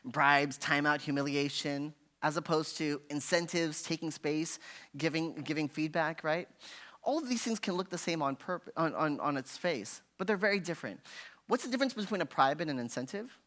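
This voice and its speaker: Male workshop presenter, slightly high-pitched, chatty teaching tone, keeps asking "right?". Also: animated, moderate pace, a bit bright. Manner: conversational, constantly asking "right?"; acts out frustrated parents in a raised voice. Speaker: parenting workshop speaker. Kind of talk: parent education talk. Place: church hall.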